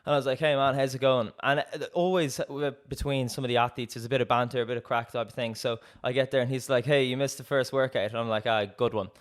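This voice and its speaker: A man's voice: medium pitch, fast, hardly any pauses. A young man, a podcast co-host telling a story in casual chat, acting out quoted dialogue with frequent laughs. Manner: lively, acts out quoted dialogue, laughs often.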